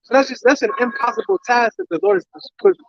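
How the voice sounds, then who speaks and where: A man's voice: very high voice, lively intonation, fast talker, creaky, dry recording. A man in a casual Bible study group, talking emphatically, quoting scripture and swearing. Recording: dull lo-fi dry live stream.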